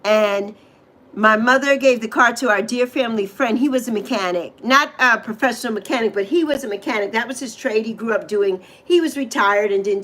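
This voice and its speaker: A woman's voice: a little high, fairly bright tone, poor audio. A middle-aged woman from the Virgin Islands hosting a casual livestream, chatting and rambling between stories and greeting viewers by name. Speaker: livestream host.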